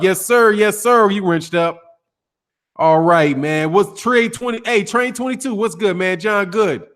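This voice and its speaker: A man's voice: high-pitched, a bit bright. A man hosting a casual boxing live stream, reading out viewer names and comments in loose, slangy talk. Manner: loose, slangy, greets chatters one by one.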